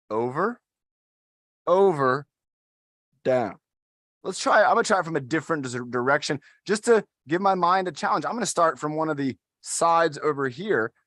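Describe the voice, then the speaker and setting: A man's voice: a little high, a bit bright, dry recording, clean studio sound. A man instructing an adaptive fitness class, talking in an upbeat, encouraging way and counting down the holds. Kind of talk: guided workout instruction.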